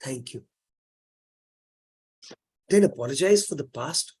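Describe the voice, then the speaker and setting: Indian guy lecturing on religion, husky voice, earnest and coaxing, drops hindi words in. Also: high-pitched, expressive, unhurried. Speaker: lecturer on Jain practice.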